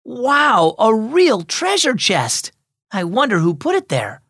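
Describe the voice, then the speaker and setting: A man voicing an eager, excited young boy in a children's story. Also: fairly high pitch, normal speed, no room sound, clean studio sound. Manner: excited, wondering.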